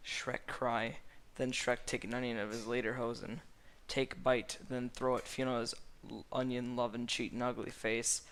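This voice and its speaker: A man narrating a comic fan-fiction reading in a deadpan way, stumbling over words. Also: mid-range voice, normal speed.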